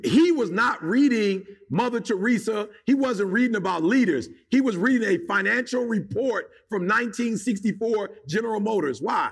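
A man's voice: sits high, gravelly, a bit bright, breathy edge. A man giving a motivational talk in an emphatic, casual, slangy way, firing off rhetorical questions at his listeners. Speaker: motivational speaker.

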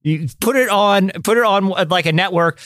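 Bright-voiced man ranting in mock exasperation. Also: sits high, moderate pace, no echo, clean studio sound. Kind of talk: casual chat.

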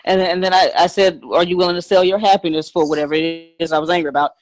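A woman's voice: fairly low pitch, little pitch movement, rapid-fire, poor audio. Earnest woman recounting a reflection. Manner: earnest, hesitant restarts. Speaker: coaching client. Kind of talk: sharing a personal story.

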